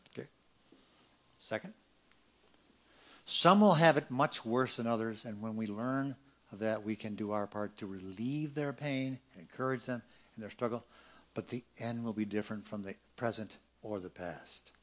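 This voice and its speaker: A middle-aged pastor preaching a sermon, swinging between loud emphatic peaks and quiet, quick asides. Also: male voice, lowish voice.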